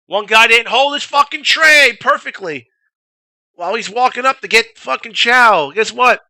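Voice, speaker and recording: A man's voice: extremely high pitch, normal speed, dry recording. Young man telling a profane story. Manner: profane, animated, imitates drill instructors shouting. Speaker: vlogger. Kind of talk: casual storytelling.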